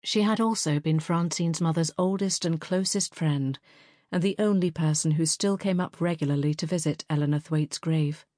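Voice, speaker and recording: In clean studio sound without any room sound, a woman's low-sitting voice narrates an audiobook in a calm, measured, even storytelling style.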